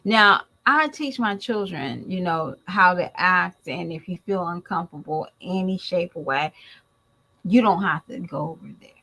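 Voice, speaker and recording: Blunt, unhurried woman giving her commentary. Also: on the low side, expressive, pushed and bright, rough recording. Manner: blunt, emphatic, talks straight to the viewers. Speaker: mother and YouTube commentator. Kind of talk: opinionated commentary vlog.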